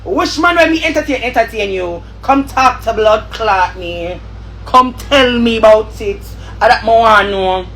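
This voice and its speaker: A woman's voice: a little high, lively intonation, measured pace, fairly bright tone, a little hiss or hum. A woman with a Jamaican accent in a heated, angry rant, repeating and swearing. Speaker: vlogger.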